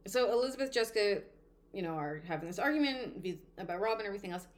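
A woman's voice: medium pitch, fast talker. A woman co-hosting a book discussion podcast, talking casually with frequent "like"s and reading passages aloud. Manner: animated, uses "like" often, reads passages aloud. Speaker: podcast co-host.

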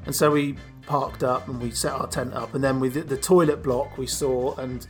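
A man's voice: mid-range voice, steady tone, moderate pace, soft background music. A British man hosting a podcast, chatting casually and rambling through a holiday story with asides. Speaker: podcast host.

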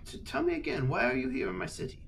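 A man's voice: very high-pitched, very animated, fast talker, gravelly, fairly bright tone, a little hiss or hum, pitched above the performer's own voice, exaggerated voice. A man voicing a suspicious male noble lord who is polite but probing. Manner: prying, courteous then blunt.

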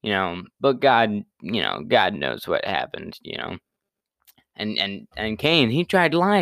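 A man's voice: lowish voice, sing-song, a little slow, creaky, fairly bright tone, dry recording, studio quality. A young man casually retelling a Bible story in a laid-back, slangy way, full of fillers and restarts.

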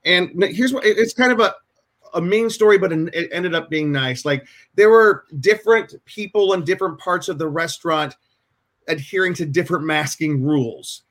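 A man's voice: a little high, moderate pace, a bit bright. A man hosting a podcast over a video call, chatting casually and telling rambling stories with many restarts. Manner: rambling, self-interrupting storyteller. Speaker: podcast host. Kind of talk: casual chat. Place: home room with shelves.

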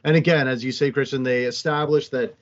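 A man with an ordinary mid-range voice recaps a film in an animated, profane way. The sound is somewhat dull and lo-fi. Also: mid-range voice, brisk. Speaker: podcast co-host. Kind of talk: casual movie recap chat.

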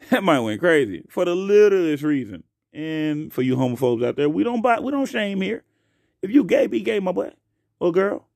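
A young man hosting his own podcast alone, talking casually and profanely into a close mic, swinging between loud outbursts and quiet asides. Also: sits high, sing-song, normal speed, vocal fry, no room sound. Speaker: podcast host. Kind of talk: casual solo podcast rant.

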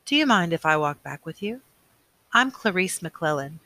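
Guy reading a dreamy teen girl in a storybook, soft and wondering, dry close sound. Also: fairly high pitch, big pitch swings, moderate pace, no echo, exaggerated voice. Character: curious dreamy teenage girl.

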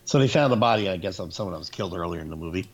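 A man's voice: low-pitched, racing. A man in casual chat who tells stories animatedly and acts out what people said, on a dull lo-fi recording. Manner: animated storyteller, acts out quotes.

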